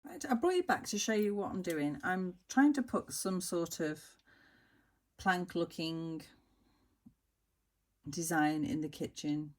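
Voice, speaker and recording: Speaking slowly with frequent pauses, this dolls house hobby vlogger has a lowish, expressive voice. The middle-aged woman gushes sentimentally while unboxing and working in her casual crafting vlog.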